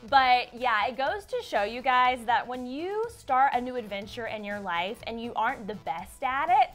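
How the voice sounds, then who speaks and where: A young woman from the American South co-hosts a celebrity news show in a high voice. She is playful and upbeat and laughs easily. Faint music sits behind her. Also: lively intonation, normal speed, fairly bright tone. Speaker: entertainment news co-host. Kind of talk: casual celebrity news chat.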